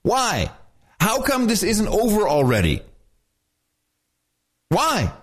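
Male podcast co-host, exasperated ranter, raised pitch with lively swings. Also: takes it slowly, slightly rough. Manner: exasperated, ranting. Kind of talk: casual podcast chat.

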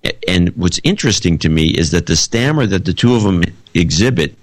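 Low voiced guy rambling on a podcast, lots of restarts, dead dry mic. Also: lively intonation, a little fast, no echo. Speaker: podcast co-host. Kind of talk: casual chat.

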